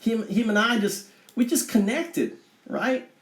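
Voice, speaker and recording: A man talking through a chart in a digressive, rambling monologue, restarting often and bursting into excitement. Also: very high voice, measured pace, echoey room. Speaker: vlogger explaining a chart of figures.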